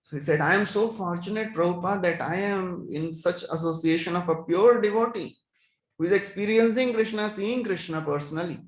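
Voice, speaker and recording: A man's voice: high-pitched, fairly quick, reverberant, rough recording. A man giving a devotional scripture class, chanting verses and then explaining them.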